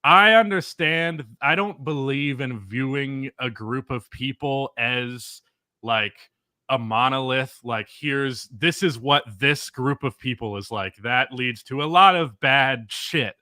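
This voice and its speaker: Profane, opinionated male podcast co-host; bright, tense tone, dry sound. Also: medium pitch, slow pace, no echo. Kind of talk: casual sports podcast chat.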